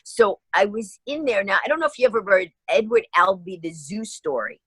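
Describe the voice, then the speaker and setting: Husky, lively woman comedian telling stories. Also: mid-range voice, dry recording, low-quality recording. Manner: acts out everyone's quotes, quick and lively. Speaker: stand-up comedian guest. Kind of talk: animated storytelling in a radio interview.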